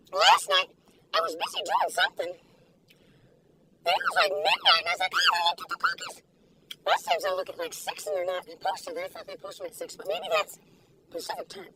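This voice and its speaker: A woman's voice: very high-pitched, gravelly, pushed and bright, recorded from a distance, slight background noise, low-quality recording. An older woman reviewing food in a casual video, gushing, giggly and full of exclamations, recorded in her car. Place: inside a parked car.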